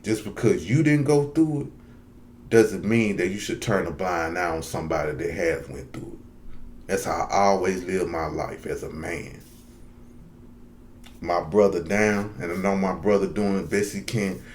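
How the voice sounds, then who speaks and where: Deep-voiced man speaking from the heart. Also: measured pace, a little mellow, a little hiss or hum. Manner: earnest, heartfelt, repeats lines for emphasis. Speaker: vlogger. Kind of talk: direct-to-camera commentary.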